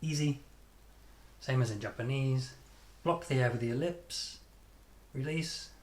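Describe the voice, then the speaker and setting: A man with a British accent teaching English pronunciation, modelling sounds and stress patterns by repeating them deliberately. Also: mid-range voice. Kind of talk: pronunciation lesson.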